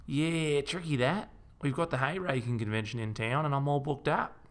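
A man's voice: mid-range voice, moderate pace, voice pushed up, natural voice. A man reading aloud, voicing a small, round, chatty male motel owner. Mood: friendly. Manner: chatty, blunt, folksy.

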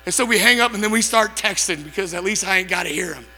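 A man preaching in a storytelling sermon, animated, acting out what people said and breaking into shouts. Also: high voice, fast, big-room sound, soft background music. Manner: animated, acts out quotes, bursts into shouts.

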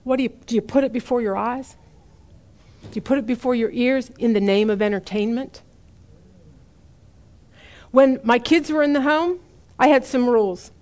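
A middle-aged woman preaching a sermon in an earnest way, slowing down to stress key points and asking the listeners direct questions. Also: on the high side, a little mellow.

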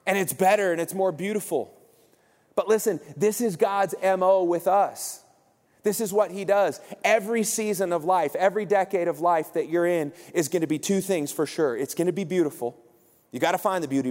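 A pastor in his forties preaching a sermon in a lively, joking way, often acting out quotes. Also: sits high. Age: 40s. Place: church auditorium. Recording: reverberant hall.

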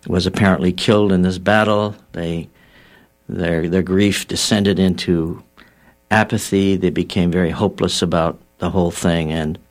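Low-voiced man, guest on a talk show, storytelling with acted quotes and many fillers. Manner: measured and explanatory. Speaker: guest healer. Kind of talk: explaining a healing theory on a talk show.

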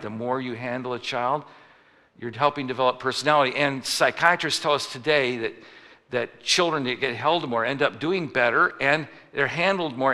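A man's voice: medium pitch, sharp tone, big-room sound. A man preaching a sermon in a conversational way, often restarting his phrases and acting out little stories. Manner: conversational, with frequent restarts and acted-out anecdotes.

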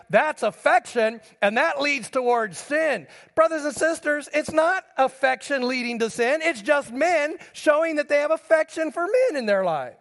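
A man's voice: very high voice, a bit bright. A middle-aged man preaching a sermon as pastor, telling personal stories and speaking straight to the congregation. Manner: storytelling preacher addressing the congregation directly. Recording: long hall reverb.

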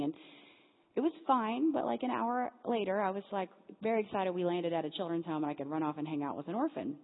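A woman telling a personal story in a sermon, acting out the voices of the people in it with lively energy. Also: medium pitch, quick pace. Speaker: speaker at a church Lent series. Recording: phone-like sound in a big reverberant hall.

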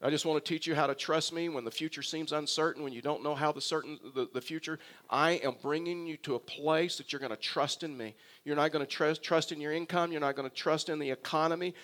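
Earnest preaching man, fairly high voice. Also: fairly even intonation, fast, hardly any pauses, a bit bright. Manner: earnest, repetitive preaching with direct address. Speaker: pastor. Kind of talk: sermon.

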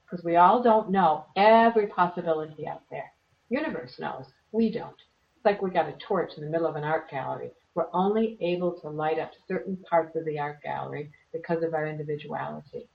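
A woman teaching meditation in an earnest, conversational way, slightly hoarse from losing her voice. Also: low-pitched. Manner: earnest, plays out little voices in quotes. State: losing her voice, clearing throat. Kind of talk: relaxed conversational advice. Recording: distant, dull lo-fi sound.

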